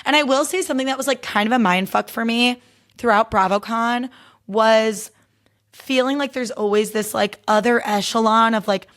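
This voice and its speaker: A woman's voice: a little high, normal speed, fairly bright tone. A young adult woman hosting her own podcast, talking candidly in a chatty, casual way and leaning heavily on "like". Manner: chatty and candid, heavy use of "like". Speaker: podcast host. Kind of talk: casual solo podcast recap.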